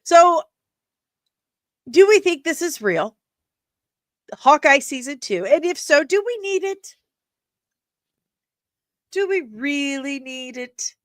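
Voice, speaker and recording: A woman hosts a casual live stream of nerd news, chatting animatedly with her audience and laughing often. Her voice sits high, and the recording is dry.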